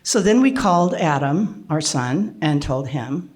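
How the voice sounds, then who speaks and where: An older woman telling a personal story to an audience, with frequent restarts and throat clearing. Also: low-pitched, animated, measured pace, darkish tone.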